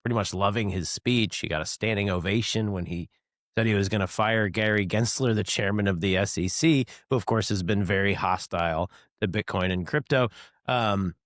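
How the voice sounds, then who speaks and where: A man hosting a podcast, chatting in a relaxed way with chuckles and frequent fillers. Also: lowish voice, normal speed, no echo, clean studio sound. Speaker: podcast host. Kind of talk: casual podcast discussion.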